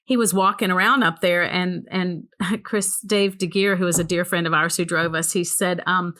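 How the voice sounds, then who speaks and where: A woman with a bright, clear voice tells a long personal story in easygoing conversation. She rambles, often saying "um" and "so anyway." She acts out the people she talks about with lively energy. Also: on the low side, moderate pace. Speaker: guest, ministry co-founder.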